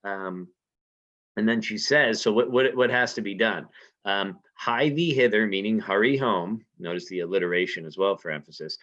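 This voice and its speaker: A man's voice: on the low side, moderate pace, a bit bright. A man teaching literature in a conversational lecture, often asking rhetorical questions and adding "right?" as he explains. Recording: dull lo-fi recording.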